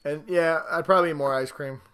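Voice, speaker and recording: A playful man in his thirties co-hosting a podcast, his voice pitched high and sitting bright and forward. He chats loosely, acting out little scenes and quoted lines in silly voices. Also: steady tone, quick pace, smooth. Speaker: podcast co-host. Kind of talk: casual chat.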